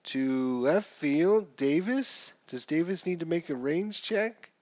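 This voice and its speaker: Man, casual game commentary, unhurried, thinks aloud; muffled lo-fi sound. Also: a little high, expressive, darkish tone, no echo. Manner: chatty, thinks aloud, mutters rules while rolling. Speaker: gamer playing a baseball sim.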